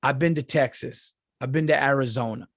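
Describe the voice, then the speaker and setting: A man's voice: medium pitch, brisk, breathy edge, dry recording, studio quality. A middle-aged man, a comedian hosting his podcast, ranting in a casual, profane monologue and often repeating himself.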